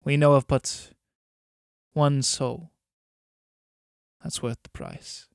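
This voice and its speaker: A man's voice: medium pitch, level tone, very slow, vocal fry, clean tone, dry recording, studio quality. A man reading a cold, coaxing soul-merchant. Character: scheming soul-buying male merchant, cold and persuasive.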